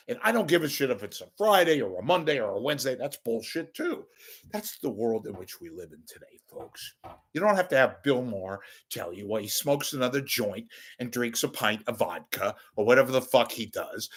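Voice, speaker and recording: A man's voice: mid-range voice, slightly rough. A man delivering an angry, profane ranting monologue as a local media commentator.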